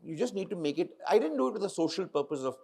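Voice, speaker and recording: With a high, creaky voice and rapid-fire delivery, a middle-aged Indian English-accented film director tells animated stories onstage. He acts out the quoted dialogue in this casual conversation.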